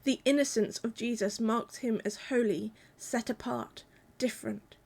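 Woman, preacher, calm measured sermon, reflective, slightly high-pitched. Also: vocal fry.

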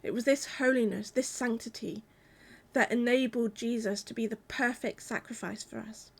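A woman delivering a sermon in a calm, measured, reflective way. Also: a little high, vocal fry, breathy edge. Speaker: preacher.

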